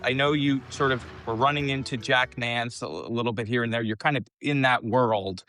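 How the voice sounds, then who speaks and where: A man's voice: mid-range voice, normal speed, sharp tone, dry recording, faint music behind. A man hosting a casual interview, asking enthusiastic questions with easy laughter. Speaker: podcast host.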